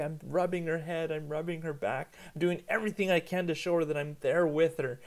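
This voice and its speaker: A man in his thirties, a pastor, preaching a sermon in an earnest storytelling manner and slowing down for emphasis. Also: a little high.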